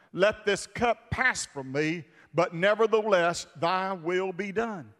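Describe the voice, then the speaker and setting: A fervent male preacher with a high, bright, ringing voice that swings from hushed asides to full shouts. His sermon carries the long reverb of a big church hall.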